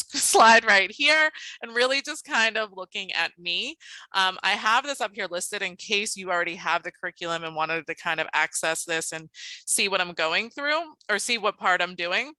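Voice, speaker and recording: A woman presenting and modeling a phonics lesson for a teacher conference, explaining steps in a clear, steady way. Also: lowish voice, dry recording, low-quality recording.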